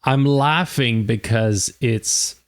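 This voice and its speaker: An older man, a retired chef, giving casual reaction commentary with unhurried talk, chuckles and restarts. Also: medium pitch, no echo.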